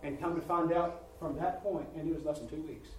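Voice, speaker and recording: A man preaching a sermon, rising in volume and pitch as he presses his points and often repeating words. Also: steady tone, fairly quick, a little mellow, slight background noise. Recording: roomy church sound from a distant mic.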